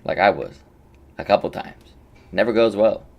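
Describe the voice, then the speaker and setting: A man's voice: on the low side, expressive, normal speed, creaky, dull audio. A young man streaming and coaching a game, chatting casually with his viewers, rambling and joking as he greets them by name. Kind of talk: casual livestream chat.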